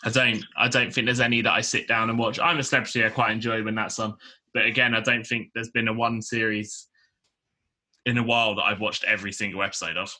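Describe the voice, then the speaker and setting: A man from the UK co-hosting a podcast, animated and quick to rant. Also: fairly low pitch. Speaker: podcast co-host. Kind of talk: casual podcast chat.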